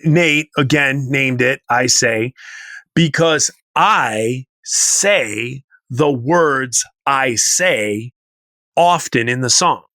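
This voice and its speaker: A man's voice: medium pitch, drawn-out words, bright, forceful tone, no room sound. A man in his forties telling a rambling story in casual chat as podcast co-host, now and then humming bits of a tune. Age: 40s. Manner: rambling storyteller, hums snippets of tunes.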